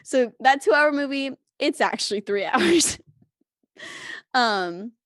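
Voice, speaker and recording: A woman's voice: high voice, expressive, takes it slowly, a bit bright, no room sound, clean studio sound. A young woman co-hosting a podcast, telling a long story in casual chat, full of "like" and laughter. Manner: rambling storyteller, heavy use of "like", frequent laughter. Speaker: podcast co-host.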